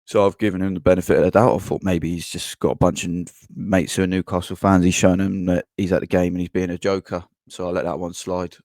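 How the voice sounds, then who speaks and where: A man hosting a football podcast, telling a story in a blunt, casual way, swearing and pausing with ums. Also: deep voice, flat delivery, a little mellow, dry recording, clean studio sound. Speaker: podcast host. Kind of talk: casual match-reaction monologue.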